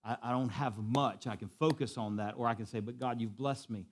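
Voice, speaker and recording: A pastor preaching a sermon to a church, repeating key lines for emphasis and swinging from quiet to loud. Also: male voice, medium pitch, fairly even intonation, brisk. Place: church sanctuary.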